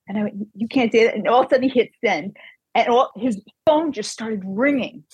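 A woman author telling an animated personal anecdote in casual chat, quoting the people in it. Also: a little high, brisk, slightly rough, no echo, lo-fi sound.

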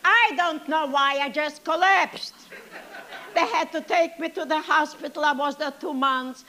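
A woman's voice: sits high, measured pace, pushed and bright, some chatter behind, slight background noise. A woman performing a comic monologue as an elderly grandmother, telling stories with dry self-pity and sing-song asides. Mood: wry. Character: elderly Yiddish-speaking grandmother, chatty and wry.

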